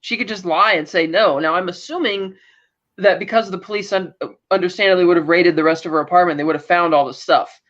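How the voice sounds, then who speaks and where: A woman's voice: on the low side, fast. A woman co-hosting a podcast, recapping a story in casual chat and acting out the characters' lines with laughs. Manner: animated retelling that acts out quoted lines, with laughs. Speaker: podcast co-host. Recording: dull lo-fi sound.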